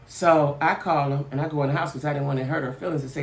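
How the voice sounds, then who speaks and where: Animated woman telling a story in an echoey room. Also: low voice, quick pace, few pauses. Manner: chatty, animated, exasperated retelling. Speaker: channel host. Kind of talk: casual storytelling to viewers.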